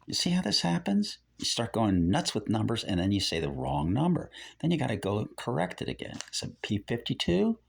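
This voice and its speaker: A man's voice: medium pitch, wildly swooping pitch, normal speed, vocal fry, hardly any pauses, husky. An older man giving rambling religious teaching. He repeats phrases and keeps correcting himself.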